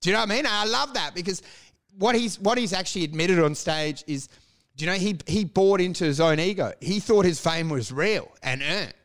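A man's voice: high voice, fairly quick, fairly bright tone. An Australian man co-hosting a podcast, ranting and mocking with lots of swearing and laughter. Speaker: podcast co-host. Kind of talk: crude comedic podcast chat.

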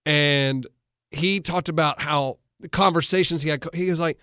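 A coach and co-host tells sports stories eagerly in a clear, resonant, fairly high voice at normal speed, recorded in a studio with no echo. He's an animated storyteller in casual sports talk, retelling what others said with many restarts.

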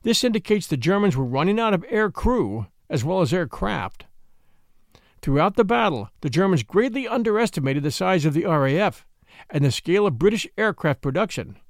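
High, lively male history narrator. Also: moderate pace, dry recording, studio quality. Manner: explanatory, reading out figures and dates. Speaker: history podcast host.

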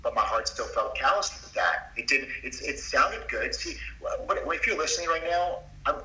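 Earnest middle-aged man, bright roomy sound. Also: fairly high pitch, very animated, moderate pace. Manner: earnest, emphatic, confiding. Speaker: doctor as podcast guest. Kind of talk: confessional storytelling in a conversation. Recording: roomy sound from a distance off mic.

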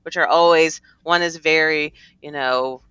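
Bright teasing woman with an accent. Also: low-pitched, steady tone, a little slow, smooth, no room sound, lo-fi sound. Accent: regional accent. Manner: teasing, playful, laughs often. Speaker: nurse practitioner, podcast co-host. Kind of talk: casual chat.

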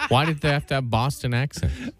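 A man co-hosting a morning radio show, heckling the jokes with deadpan skeptical questions in casual banter. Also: medium pitch, a little fast. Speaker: radio co-host.

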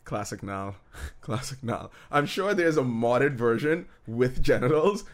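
A man talking in loose, profane banter with a friend on a podcast. His pitch sits in an ordinary middle range, and he jokes his way through the discussion. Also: lively intonation, measured pace. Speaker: podcast co-host. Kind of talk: casual chat reviewing a TV episode.

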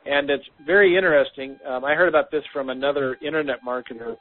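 A man's voice: medium pitch, quick pace. A man co-hosting a casual business talk, giving practical advice with frequent "um" fillers, heard over a phone line. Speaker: podcast co-host.

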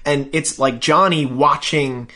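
A man's voice: a little high, measured pace. Guy chatting on a podcast, recapping episodes, acts out lines animatedly. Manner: chatty, animated retelling with quoted voices. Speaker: podcast co-host. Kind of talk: casual chat recapping a show.

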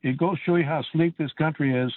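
A man calling in to a radio show, ranting indignantly with hesitant pauses. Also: fairly high pitch, steady tone, no room sound. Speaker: caller. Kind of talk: angry call-in rant. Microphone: telephone. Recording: tinny phone line.

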